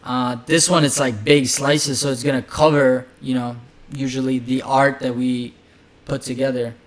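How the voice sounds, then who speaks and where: Easygoing chef rambling on a call. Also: male voice, mid-range voice, little pitch movement, moderate pace. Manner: loose, rambling, filler-heavy. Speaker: chef podcast host. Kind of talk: casual chat.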